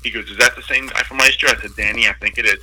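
A man's voice: medium pitch, very fast, husky, poor audio. A man telling a long, profane story in casual talk, acting out the people in it as he goes. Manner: profane, animated anecdote with quoted voices.

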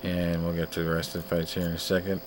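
A man hosting a casual show, reading off records in a laid-back, joking way with frequent filler pauses. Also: low voice, monotone, noisy background. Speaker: podcast host. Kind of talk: casual chat.

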